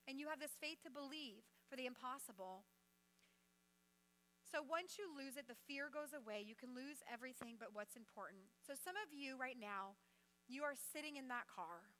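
A woman's voice: high-pitched, lively intonation, normal speed, bright, forceful tone. A middle-aged woman, a guest speaker in a church, preaching a sermon and talking straight to the congregation with questions.

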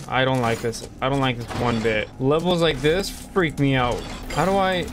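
A man's voice: mid-range voice, normal speed. A young man commenting on a horror game for his viewers, jumpy and easily scared. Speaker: gaming video host. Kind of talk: let's play commentary. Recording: voice over loud game music.

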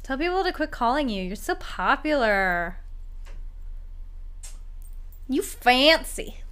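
A woman's voice: high-pitched, sing-song, moderate pace, a bit bright, clear, resonant tone. A woman co-hosting a show, teasing and joking in casual chat. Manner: teasing, joking, laughs easily. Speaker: podcast co-host.

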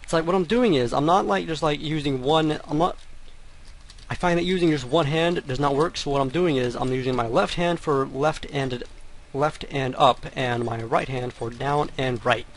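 A man's voice: fairly high pitch, normal speed. Frustrated man commentating a game. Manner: frustrated, muttering, exclaiming at the game. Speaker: let's play gamer. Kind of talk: gameplay commentary.

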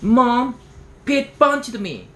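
A man reading aloud, putting on the voice of an excitable little boy who shouts and whines. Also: extremely slow, exaggerated voice. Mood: excited. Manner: high, shouting, eager. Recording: roomy room echo, faint hiss.

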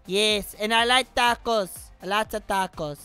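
A goofy, upbeat guy , put on by a woman, with a bright, smooth voice and over-the-top comic delivery. He speaks as a cartoonish sidekick cameo in a game video. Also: medium pitch, a little slow, no echo, faint music behind, pitched below the performer's own voice, lightly acted. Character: Kevin, goofy male character, upbeat.

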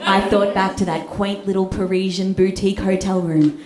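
A young Australian woman telling a comic story on stage, animated and swearing, often asking the crowd "right?". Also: mid-range voice, moderate pace. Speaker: stand-up comedian. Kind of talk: live stand-up storytelling. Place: live comedy stage with audience. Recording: echoey live room with noise.

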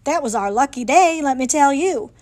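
A woman reading a picture book aloud in a lively, folksy storytelling manner, in a library. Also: high-pitched, normal speed.

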